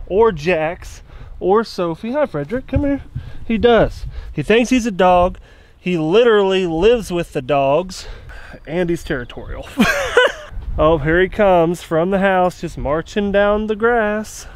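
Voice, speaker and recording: A man's voice: high-pitched, darkish tone, a little hiss or hum. A middle-aged man, rambling in a folksy way as he films a casual vlog outdoors on his rural property. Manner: folksy and rambling, talks to his pet duck. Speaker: duck-hunting guide and vlogger.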